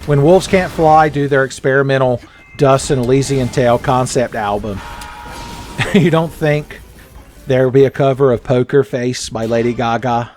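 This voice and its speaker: A man giving joking, casual commentary while playing a video game, jumping up in pitch when excited. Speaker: let's play host.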